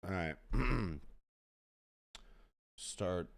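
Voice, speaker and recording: A man streaming a game live, sick, with an unusually deep and rough voice, chatting in slangy, exasperated asides to his viewers. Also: animated, drawn-out words. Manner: slangy, exasperated, talks straight to chat. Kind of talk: casual live-stream chat.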